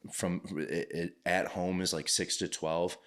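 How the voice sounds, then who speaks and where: Deep-voiced profane ranting man. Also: a little slow. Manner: profane, ranting, animated storytelling. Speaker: podcast co-host. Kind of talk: casual chat.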